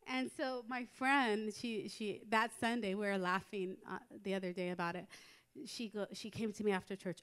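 A middle-aged American woman preaching a sermon in a church, telling stories in a lively way and building to emphatic exhortation. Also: mid-range voice, normal speed, clear, resonant tone. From United States. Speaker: women's conference speaker. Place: church sanctuary.

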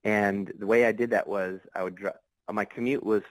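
A man guesting on a podcast, recounting a story in a loose, rambling way full of fillers and false starts. His voice sits low. The sound is dry and close, with no room around it. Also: fairly even intonation, moderate pace, no room sound, poor audio. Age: adult. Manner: rambling, many fillers and restarts. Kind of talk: casual storytelling.

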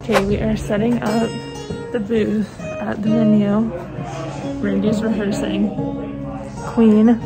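A woman's voice: medium pitch, level tone, slow, pauses often, rough recording. A woman narrating a casual vlog at a concert venue, upbeat and affectionate. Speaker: vlog co-host. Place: concert venue during rehearsal. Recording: loud live music behind the voice.

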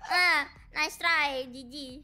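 A young woman streamer chatting playfully in halting English while gaming. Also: high voice, pushed and bright. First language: Indonesian. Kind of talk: casual gaming chat.

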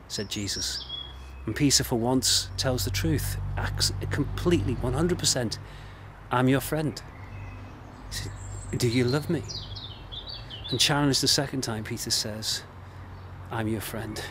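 A man's voice: medium pitch, slight background noise. Earnest English man preaching a sermon. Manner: earnest, gently emphatic, repeats phrases. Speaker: minister. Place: indoors, recorded for online service.

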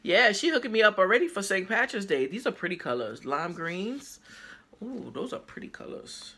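A woman chatting casually to her viewers in a haul video, lively and exclamatory, talking straight to the camera and sometimes while chewing. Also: mid-range voice, moderate pace, husky. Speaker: haul vlogger. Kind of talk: casual haul vlog chat.

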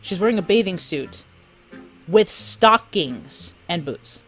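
A woman's voice: fairly low pitch, lively intonation, slow, soft background music. A woman giving casual, giggly commentary while playing a life-simulation game, often breaking into laughter and exclamations. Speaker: gameplay streamer.

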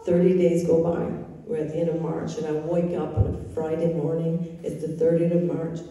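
A woman's voice: low voice, little pitch movement, moderate pace, warm tone. A woman sharing her personal faith testimony, telling it earnestly and with emotion. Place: live event room. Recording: echoey hall, picked up from far off.

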